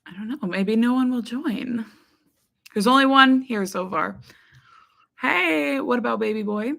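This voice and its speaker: Bright-voiced woman chatting on a live stream. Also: a little high, unhurried, gravelly. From United States. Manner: chatty, frequent ums, greets viewers by name. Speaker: livestream host. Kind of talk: casual live chat reading comments.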